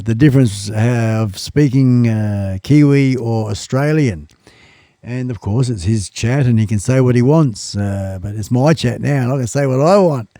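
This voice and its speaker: A man's voice: mid-range voice, mellow, dry recording, studio quality. An English man hosting a live stream, chatting casually and rambling with jokes and many fillers. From England. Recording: music playing behind.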